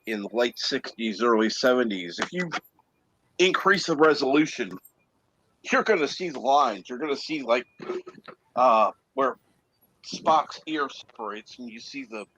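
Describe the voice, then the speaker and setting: A man's voice: mid-range voice, a bit bright, a little hiss or hum, poor audio. A man chatting casually on an online call, rambling and trailing off as he thinks aloud. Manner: rambling, trailing off mid-thought. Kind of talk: casual chat.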